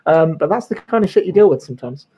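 A chatty man with a slightly high voice, spinning lawyer anecdotes as a podcast guest. He swears freely, laughs between lines and fills his pauses with "um". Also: expressive, mellow, husky, rough recording. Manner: chatty, swears and laughs often, many fillers. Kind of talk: casual chat, storytelling.

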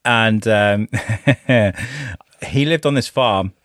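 Animated man, dry close mic. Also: on the low side, drawn-out words, dry recording. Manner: animated, swearing storyteller who laughs often. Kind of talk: casual chat.

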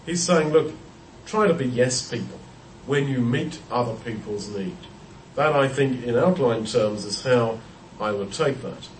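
A man's voice: medium pitch, lively intonation, unhurried, slight background noise. A man explaining a Bible passage in an unscripted teaching talk, thoughtful and explanatory, often restarting and repeating words. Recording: roomy echo, heard from a distance.

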